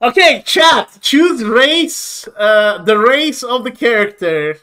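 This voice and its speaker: A man co-hosting a casual gaming podcast, halting with fillers and restarts and laughing often. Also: extremely high pitch, expressive, sharp tone. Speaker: podcast co-host. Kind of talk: casual chat.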